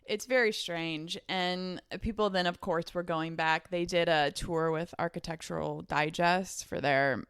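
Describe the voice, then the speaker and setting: A woman's voice: on the low side, steady tone, unhurried, hardly any pauses, a bit bright, smooth, dry recording, clean studio sound. A woman co-hosting a podcast, chatting casually and filling her talk with "like". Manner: chatty, lots of "like" fillers. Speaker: podcast co-host. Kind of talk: casual chat.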